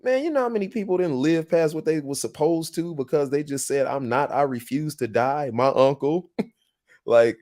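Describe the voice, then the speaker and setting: A man's voice: fairly high pitch, moderate pace, darkish tone. A man hosting a podcast in a casual monologue, earnest and motivational, telling stories with emphatic repetition. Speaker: podcast host.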